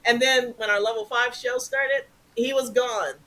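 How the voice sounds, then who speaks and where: A middle-aged woman, an improv performer, telling stories as a guest in a casual interview, animated and acting out quotes. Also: fairly high pitch, a little slow, low-quality recording. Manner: animated, swings into loud acted-out quotes.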